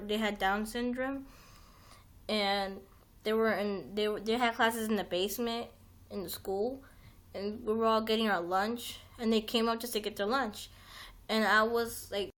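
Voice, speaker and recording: Young woman streamer, fairly high voice, loose rambling delivery with lots of "like" and restarts. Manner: rambling, heavy use of "like", frequent restarts, swears. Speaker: livestream host. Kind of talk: casual rambling chat.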